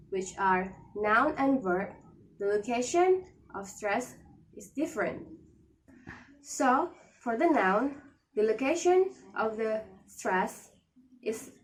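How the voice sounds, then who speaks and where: Slow, careful young woman reading notes. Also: a little high, lively intonation, a little hiss or hum, low-quality recording. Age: young adult. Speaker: student presenter. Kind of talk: reading a class presentation.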